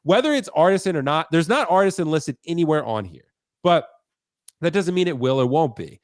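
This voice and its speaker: A man hosting a casual collectors' chat, excited and chatty, sounding congested from a cold. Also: fairly high pitch, brisk, dry recording, clean studio sound. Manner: excited, chatty, says dude a lot. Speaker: host.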